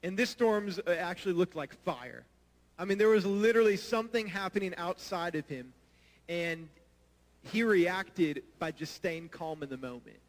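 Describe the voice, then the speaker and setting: A man's voice: high-pitched, moderate pace. A man preaching a sermon, speaking earnestly and putting direct questions to his listeners. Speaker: pastor. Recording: long reverb of a large hall.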